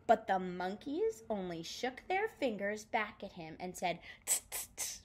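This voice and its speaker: Slow, sing-song woman reading aloud. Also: mid-range voice. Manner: expressive, sing-song storytelling. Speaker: art teacher. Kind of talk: picture book read-aloud and drawing lesson.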